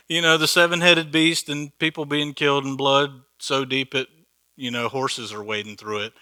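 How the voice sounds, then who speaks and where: Bright-voiced man teaching Bible study. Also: medium pitch, fairly even intonation, normal speed, clean tone, no room sound. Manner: conversational, joking, rhetorical questions. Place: church hall.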